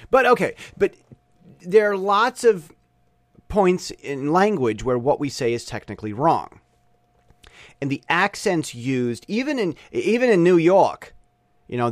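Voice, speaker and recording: This podcast host, a man with a Michigan accent, rambles through an opinionated, casual monologue full of restarts. His pitch is fairly high, with no room sound in the recording.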